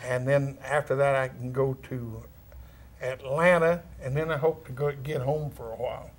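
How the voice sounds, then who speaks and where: A middle-aged man with a thick West Texas drawl, talking as an interview guest. He chats in a relaxed, folksy way, drops down-home words and chuckles now and then. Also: medium pitch, normal speed. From California. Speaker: actor and former rodeo cowboy, interview guest.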